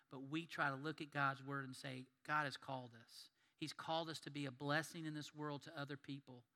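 Pastor, folksy and emphatic, bright pushed tone, long hall reverb. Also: male voice, medium pitch. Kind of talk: sermon. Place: church sanctuary.

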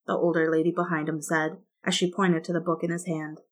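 A woman narrating a story in a steady, even reading voice. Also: deep voice, brisk. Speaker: fan fiction reader.

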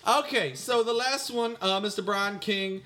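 A man with a sharp tone and measured pace co-hosts a comedy podcast, answering listener mail in character. He uses a mock-pompous voice that swings between high squeaks and low mutters.

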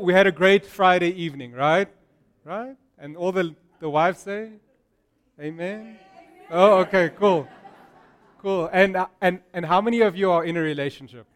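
A man's voice: sits high, fairly bright tone, clear, resonant tone. A man preaching a sermon to a congregation, speaking playfully and often checking in with "right?". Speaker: pastor. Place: church service with a live congregation.

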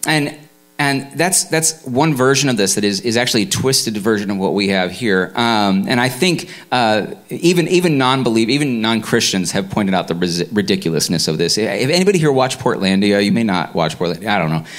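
A man's voice: lowish voice, expressive, brisk, a bit bright. A man preaching a sermon in a conversational way, full of restarts and fillers. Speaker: pastor.

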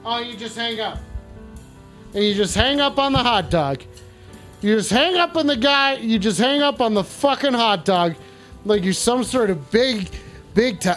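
A man's voice: sits high, a bit bright. A man doing a crude, taunting improvised comedy bit on a stream, rambling and brash. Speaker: streamer playing a talking hot dog.

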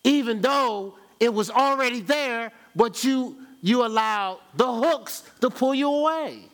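A man preaching a sermon, firing rhetorical questions at the congregation and reading scripture aloud. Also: very high voice. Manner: animated preaching with rhetorical questions and call-and-response; reads scripture aloud in a slow cadence. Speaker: pastor.

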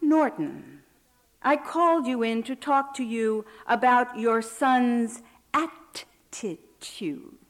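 A woman reading the lines of a condescending, imperious male prison captain, slowly and with forbearance. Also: fairly high pitch, expressive, voice pushed up. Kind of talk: reading a personal essay aloud.

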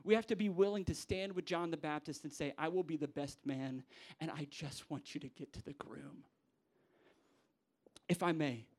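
A young man, a pastor preaching a sermon to church leaders, acting out quoted voices with big jumps in pitch. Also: a little mellow. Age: young adult.

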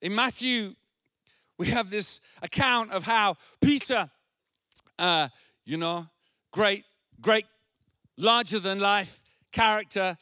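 A male pastor preaching an earnest sermon, repeating phrases and rising to shouted emphasis. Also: high voice, slow pace, pauses often, clear, resonant tone, no echo, studio quality.

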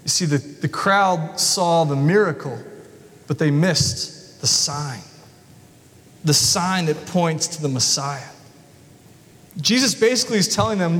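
A male pastor preaching a sermon in a church, telling the story in an animated way. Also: fairly high pitch, unhurried, pauses often. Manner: storytelling, animated, acts out voices. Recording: long reverb of a large hall.

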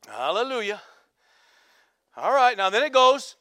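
A male pastor preaching a sermon, peppering his talk with "amen" and "come on" and rising to shouted emphasis. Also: high voice, big pitch swings, moderate pace, long pauses, no echo, studio quality. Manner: call-and-response exhortations, repeated "amen" and "come on".

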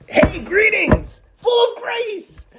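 A man voicing an excited male archangel bursting out with a greeting, high and theatrical. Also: takes it slowly, background noise.

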